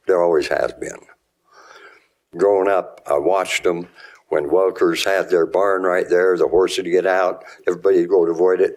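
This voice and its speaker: A man's voice: sits low, a little mellow. A man from Utah giving rambling, plainspoken public comment at a city meeting, speaking into a podium microphone. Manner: rambling, plainspoken, full of local detail.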